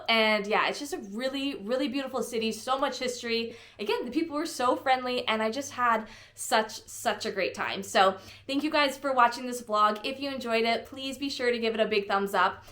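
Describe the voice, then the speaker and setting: A woman's voice: on the high side, normal speed, a bit bright. A young woman talking casually to camera as a travel vlogger, chatty and bubbly with lots of "like" fillers.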